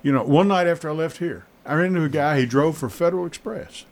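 A man with a slightly high, creaky voice talks at a quick pace while hosting a radio talk show. He tells rambling stories full of restarts and fillers in casual radio chat.

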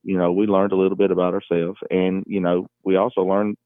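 Man, low voice, basketball coach, halting with lots of fillers, phone line, dry sound. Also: level tone, no room sound. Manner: halting, many fillers and restarts. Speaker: high school basketball coach. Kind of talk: phone interview.

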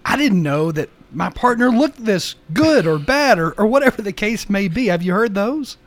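A man with a notably high voice hosts a studio radio interview. He keeps things conversational and nudges his guest along with friendly questions. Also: animated, normal speed. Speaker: radio show host.

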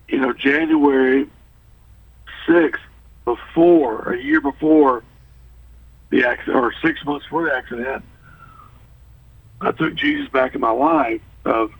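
A man with a drawl talks haltingly and earnestly as a guest in a radio interview. His voice is gravelly and a little husky, heard close and dry with no room sound. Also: on the high side, lively intonation, dry recording, recorded from a distance, narrow, tinny audio. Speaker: radio show guest, former basketball coach.

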